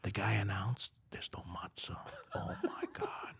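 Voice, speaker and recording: A man, a podcast guest, telling a story in an animated way, dropping to a hushed whisper for quoted lines and laughing as he goes. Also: lowish voice, measured pace, creaky, husky.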